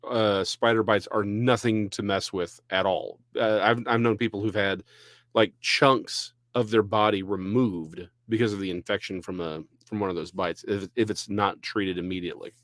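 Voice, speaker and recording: A man from Texas with a low voice chats casually as a podcast co-host. He often restarts his sentences, then runs on quickly. The sound is dry, as if right at the mic. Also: steady tone, a bit bright, no room sound. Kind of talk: casual chat.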